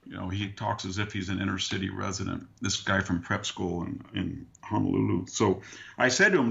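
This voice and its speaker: A man being interviewed as a historian, telling dry, wry anecdotes with a deadpan punchline. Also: low-pitched, fairly quick, gravelly, lo-fi sound. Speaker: guest historian. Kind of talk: conversational storytelling. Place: rural farm valley region.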